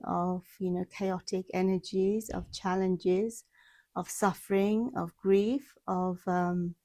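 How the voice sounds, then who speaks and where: Low, flat-voiced woman giving a spiritual update. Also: no echo. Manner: flowing, repetitive lists of affirmations. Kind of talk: spiritual monthly energy forecast. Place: outdoors in the mountains.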